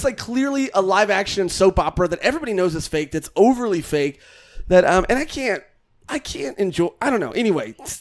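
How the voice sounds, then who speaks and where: A man co-hosting a casual comedy podcast, rambling with fillers and sudden loud bursts. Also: sits high. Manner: rambling, lots of fillers and restarts, bursts of shouting. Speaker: podcast co-host.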